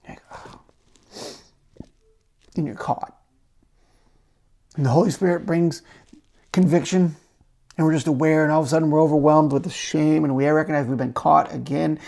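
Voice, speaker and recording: Gravelly-voiced male pastor preaching. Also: on the high side, brisk, long pauses. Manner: conversational, animated storytelling with asides. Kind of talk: sermon. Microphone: camera-recorded talk.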